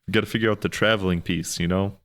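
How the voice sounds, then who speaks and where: A man co-hosting a podcast, chatting casually about a movie, rambling and restarting with sudden animated jumps in pitch. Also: quick pace, vocal fry. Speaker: podcast co-host. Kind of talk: casual movie review chat.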